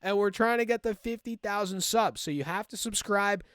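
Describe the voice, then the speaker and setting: A man talking casually to his viewers about stock trades, energetic and calling them guys. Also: sits high, moderate pace, clean tone, no room sound, studio quality. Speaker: stock market YouTuber. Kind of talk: casual chat to camera.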